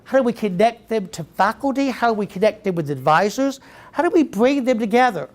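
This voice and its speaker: A middle-aged man from Southeast Georgia with a Georgia accent, giving a keynote speech to educators and telling lively stories that draw in the audience. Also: high-pitched, fairly quick. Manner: lively storyteller who quizzes the audience. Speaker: keynote speaker.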